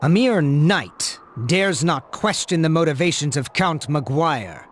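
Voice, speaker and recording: An aloof game knight, formal and measured, with a lively, swinging delivery. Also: male voice, fairly high pitch. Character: cold, proud young knight, secretive. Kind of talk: video game voice acting.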